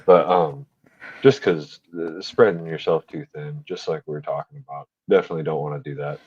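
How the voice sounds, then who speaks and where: A man's voice: very deep voice, steady tone, fairly quick, a little mellow, husky, no echo, dull audio. A man talking as a panel guest, giving laid-back, meandering, brotherly advice in casual chat.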